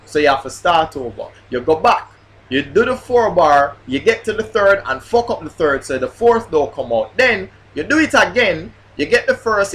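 A man, a grime MC ranting in a casual vlog about flubbing his bars, swearing and repeating himself. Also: on the high side. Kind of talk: casual vlog rant while rehearsing bars.

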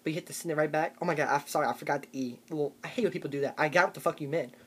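Young guy ranting, sarcastic, kinda husky, ends stuff with okay. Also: fairly high pitch, racing, fairly bright tone. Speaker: vlogger. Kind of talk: comedic rant to camera.

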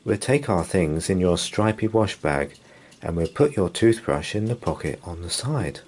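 A man reading a storybook aloud and voicing a kind child who calmly reassures a worried friend. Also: low voice, moderate pace. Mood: reassuring. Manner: soothing, cheerful reassurance.

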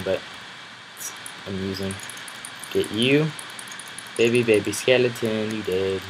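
A man giving casual commentary over his own gameplay, grumbling and bursting into loud exclamations when enemies attack. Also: on the low side, fairly even intonation, normal speed, pauses often, slight background noise, rough recording. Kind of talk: casual let's-play commentary.

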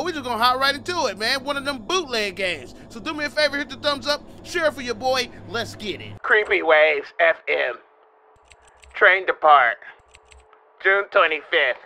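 High bright-voiced joking gamer guy. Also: slight background noise. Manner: animated, slangy and joking, swears freely; reads game text aloud and riffs on it. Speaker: gaming YouTuber. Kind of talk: casual let's-play commentary.

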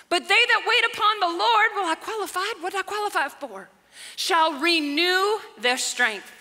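A woman pastor, preaching a lively sermon that swings from soft talk to shouts, often laughing. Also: very high-pitched. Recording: live church hall reverb with music.

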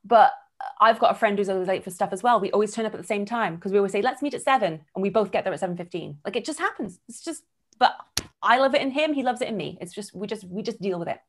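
A woman in her thirties hosts an online workshop over a video call, talking fast at a medium pitch. She's candid and animated, acting out the voices of people she quotes.

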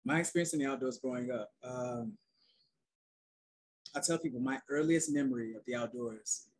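A soft-spoken young man from North Carolina, talking calmly as a guest in a casual group conversation. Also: medium pitch, normal speed, breathy edge, rough recording. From North Carolina, USA. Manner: soft-spoken and relaxed, calls it his quiet storm voice. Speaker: guest, outdoor youth program founder.

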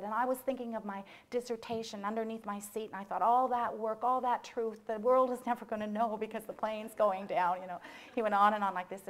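A middle-aged woman from the delivers a lecture as a lively storyteller clear throughout. Her mid-range voice carries a gravelly fry as she slips into quoted voices and asides. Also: medium pitch. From Canada. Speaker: author giving a memorial lecture.

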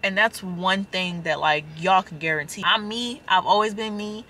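A young woman and mother of four, vlogging casually from her car and talking straight to her viewers with lively emphasis. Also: medium pitch, normal speed, slight background noise. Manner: animated and emphatic, addresses viewers as y'all. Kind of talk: casual chatty vlog talk.

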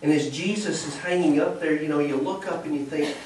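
A man preaching a storytelling sermon in church, animated, acting out the voices of the people in the story. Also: on the high side, brisk, hardly any pauses, distant mic, a little hiss or hum. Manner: animated, acts out quoted voices. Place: church sanctuary. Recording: echoey church recording from afar.

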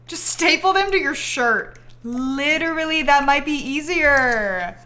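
A woman's voice: sits high, expressive, unhurried, hardly any pauses, pushed and bright. A young woman streaming a life-simulation game live, giving exasperated, joking running commentary to her chat.

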